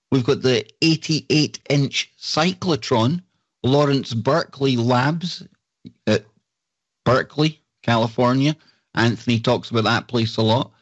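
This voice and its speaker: A man's voice: medium pitch, dry recording, highs cut off. A man hosting a live talk show, chatting casually and reading out lists with enthusiasm. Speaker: show host.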